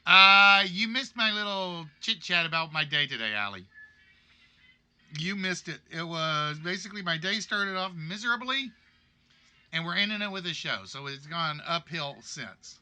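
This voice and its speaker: Bright-voiced joking game show host, a man. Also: high voice, expressive, normal speed, smooth. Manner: chatty, joking, reads out players' guesses. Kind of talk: live-streamed game show hosting.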